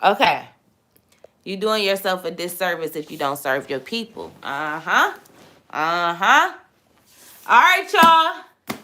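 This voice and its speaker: A young woman hosting a casual livestream chat, animated and exclamatory, talking straight to her viewers. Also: lowish voice, unhurried, background noise. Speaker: host.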